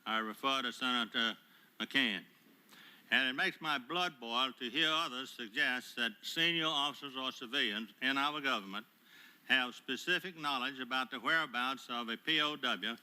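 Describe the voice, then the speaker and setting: Older man giving formal, measured testimony. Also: medium pitch, sharp tone, clean tone. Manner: measured, formal, with frequent "uh" pauses. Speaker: retired admiral testifying as a witness. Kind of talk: prepared testimony at a hearing. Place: hearing room. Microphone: table microphone.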